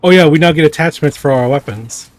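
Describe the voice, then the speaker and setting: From a home streaming setup, a man plays a video game and chats casually, rambling through menu choices with fillers and sound effects. His voice is fairly high and brisk.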